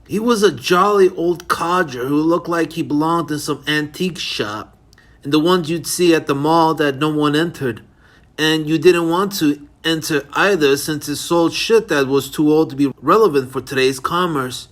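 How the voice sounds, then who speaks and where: A man reads his own thriller aloud as audiobook narration. His voice sits a little high, and he stumbles now and then, correcting himself as he goes. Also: normal speed, a bit bright. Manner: reads unevenly, with small slips and self-corrections. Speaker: author reading his novel.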